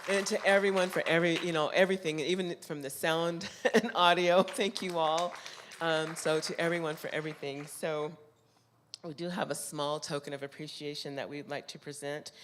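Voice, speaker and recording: A woman in a church hall gives her closing remarks as conference chairperson. Her voice sits mid-pitch, and her delivery is halting and heartfelt, full of ums and restarts. A faint hiss runs under her words. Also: fairly even intonation.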